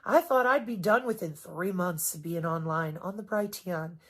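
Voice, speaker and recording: Sarcastic, cussing Midwestern woman vlogger. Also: normal speed. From Wisconsin, US Midwest. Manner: sarcastic, cussing, emphatic swings in pitch and loudness. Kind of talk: unscripted monologue vlog.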